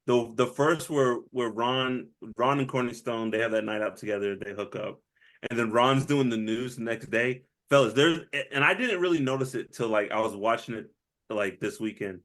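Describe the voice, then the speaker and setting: A man co-hosting a casual movie review podcast, talking in an animated way, laughing often and full of "like" and restarts. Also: mid-range voice, moderate pace. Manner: animated, laughs a lot, acts out quotes; hesitant restarts, says "like" often. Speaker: podcast co-host.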